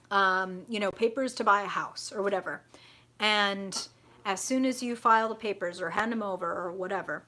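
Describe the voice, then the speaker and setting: A woman's voice: medium pitch, fairly bright tone. A young adult woman hosting a live tarot reading, chatty and frank, swearing freely and answering viewer comments.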